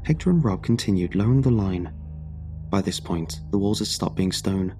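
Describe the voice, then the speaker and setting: A man narrating a scripted horror story in a measured, dramatic way. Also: low-pitched, mellow, faint music behind.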